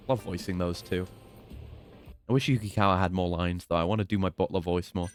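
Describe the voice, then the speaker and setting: A man's voice: low voice, steady tone, brisk, soft background music. A man streaming a game, commentating casually with playful, jokey trash talk.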